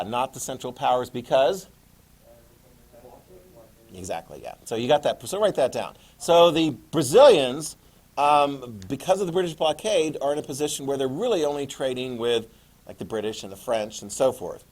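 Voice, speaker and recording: A man's voice: mid-range voice, a little mellow. A man lecturing a classroom of students as their history teacher. He talks in a loose, chatty way, tosses questions out to the class and slips in small jokes.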